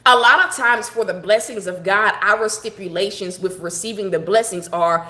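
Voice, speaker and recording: A woman's voice: medium pitch, moderate pace, hardly any pauses, bright, forceful tone, roomy sound. A middle-aged woman giving a personal devotional talk, telling her story in a conversational, heartfelt and reflective way. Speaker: devotional broadcaster.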